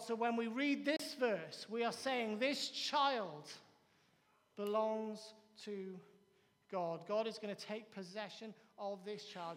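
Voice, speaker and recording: A man with a very high voice preaches to his church, pressing his points through repetition and acted-out dialogue. His voice rings out with long reverb in a large hall. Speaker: pastor. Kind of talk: sermon.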